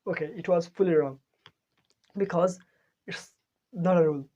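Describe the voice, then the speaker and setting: A woman hosting an English lesson, explaining grammar rules in an unhurried way and correcting herself as she goes. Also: fairly low pitch, warm tone, dull audio. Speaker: English teacher, channel host.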